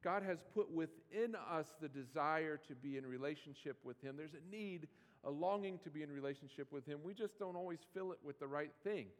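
A man's voice: a little high, a little fast. A man preaching a sermon as pastor, in a conversational style with playful mock pleading asides. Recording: long hall reverb.

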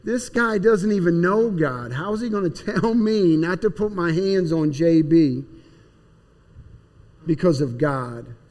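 A man's voice: sits high, expressive, a little slow, a little mellow. A man plainly and earnestly telling his personal testimony. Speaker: speaker giving personal testimony. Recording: long hall reverb.

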